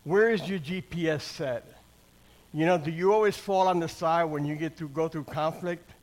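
A man's voice: fairly high pitch, moderate pace. An older man giving a conversational sermon and personal testimony, plain-spoken, often checking in with the congregation and restarting his phrases. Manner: keeps asking the crowd "amen?" and "right?". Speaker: church speaker sharing testimony.

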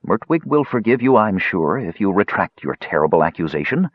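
A man voicing a male elf healer who speaks cautiously to calm a quarrel. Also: sits low, brisk, breathy edge, no room sound, highs cut off, heavily acted. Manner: soothing, cautious.

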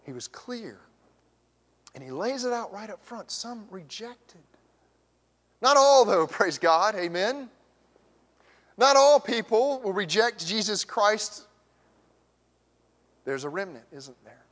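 Pastor preaching in a reverberant church. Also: male voice, sits high, sing-song, takes it slowly, pauses often, fairly bright tone. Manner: preaching with rising emphatic questions and dropping to near whispers. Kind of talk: sermon. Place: church sanctuary. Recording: long church hall reverb.

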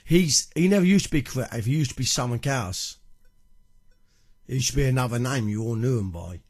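A man's voice: mid-range voice, expressive, brisk. A man hosting a music live stream, swearing constantly, first squaring up to a heckler and then musing aloud to his chat. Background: loud music.

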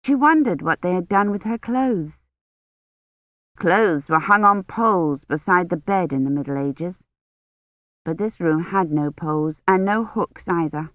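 A woman reading a novel aloud in steady, even scripted narration. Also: lowish voice, measured pace, no room sound. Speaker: audiobook narrator. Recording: tinny phone-like sound, dry.

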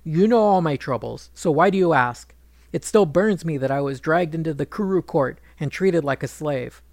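A man voicing a proud queen who is furious and grieving, speaking bitterly in his gravelly storytelling voice. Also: fairly high pitch, no echo, clean studio sound. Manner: bitter, accusing speech.

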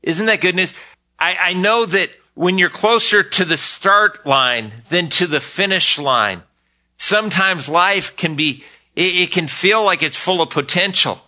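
Slow, bright-voiced male pastor preaching. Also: sits high. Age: older. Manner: earnest, repeats words when starting phrases. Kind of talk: sermon.

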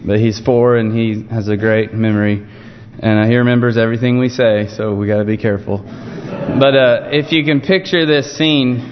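A man preaching an informal evening sermon, telling a Bible story in a relaxed, conversational way. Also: medium pitch, normal speed. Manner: conversational, storytelling with frequent restarts. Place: church sanctuary. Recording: dull muffled sound with long church reverb.

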